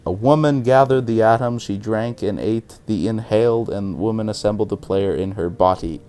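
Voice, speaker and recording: A man's voice: on the low side, moderate pace, warm tone, slight background noise. A man hosting a game session, reading the game's text aloud and often stumbling and giggling over the words. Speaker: channel host. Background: game music.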